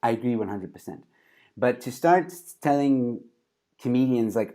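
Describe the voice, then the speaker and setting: A man's voice: medium pitch, animated, moderate pace, warm tone. A man hosting a casual interview over a video call, talking with many fillers and restarts. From South Africa. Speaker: host.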